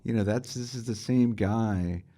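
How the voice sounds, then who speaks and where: A man's voice: on the low side, a little slow, mellow. A middle-aged man, a guitarist and music writer, telling enthusiastic anecdotes as an interview guest and asking rhetorical questions. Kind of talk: storytelling in a conversational interview.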